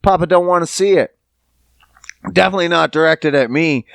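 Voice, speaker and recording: A man hosting a podcast, telling profane, animated stories in a casual comedic rant, sometimes putting on voices. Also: on the high side, brisk, gravelly, dry recording. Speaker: podcast host. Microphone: podcast studio mic.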